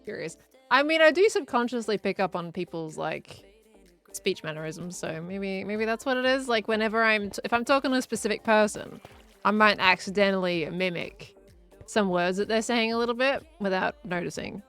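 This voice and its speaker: A woman's voice: mid-range voice, moderate pace, fairly bright tone, faint music behind. Chatty woman streaming a game. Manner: chatty, reads out chat messages and muses aloud while building. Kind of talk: casual live-stream chat while gaming.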